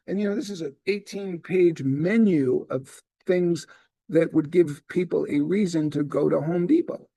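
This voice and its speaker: A man's voice: a little high, gravelly, no room sound. A middle-aged man giving a sales training talk, telling stories and acting out the dialogue in them. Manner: animated storyteller acting out dialogue. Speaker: real estate sales trainer.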